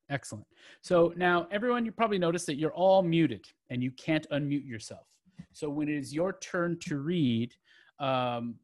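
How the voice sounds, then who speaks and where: A man's voice: mid-range voice, dry recording. A man hosting a poetry open mic over a video call, chatty and joking, with many fillers and restarts.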